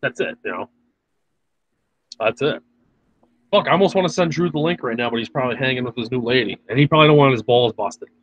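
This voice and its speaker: A man co-hosting a casual shop-talk podcast, joking and profane, with a husky voice. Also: mid-range voice, dry recording, dull audio. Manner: joking, profane, drawn-out slow remarks. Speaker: podcast co-host. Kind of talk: casual chat.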